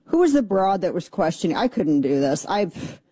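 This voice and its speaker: Low, mellow-voiced woman radio talk host. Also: very animated, moderate pace, breathy edge, no room sound. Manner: chatty and opinionated, sarcastic asides. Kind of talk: casual political talk radio monologue. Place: radio studio.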